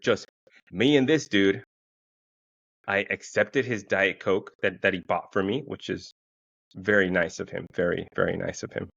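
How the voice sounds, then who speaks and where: A man, hosting a casual solo podcast and telling a story with lots of swearing, jumping into a higher, excited voice when he quotes himself. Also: gravelly, dry recording, lo-fi sound. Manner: profane storytelling, quoting himself in a raised, excited voice. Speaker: podcast host.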